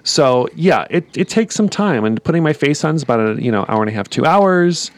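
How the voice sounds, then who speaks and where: A man's voice: on the high side, lively intonation, a little fast, dry recording. A man who performs in drag, chatting casually as a podcast guest, laughing often and calling others darling.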